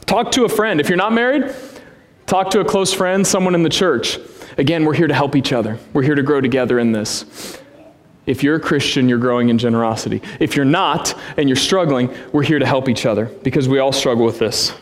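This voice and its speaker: A man's voice: mid-range voice, a little fast. A man in his thirties preaching a conversational, earnest sermon as pastor, with casual asides to the congregation. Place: church sanctuary. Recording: long hall reverb.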